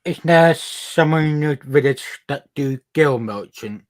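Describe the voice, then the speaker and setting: A man's voice: on the high side, measured pace. A man playing a tabletop game, giving short casual replies. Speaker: player. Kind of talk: casual chat.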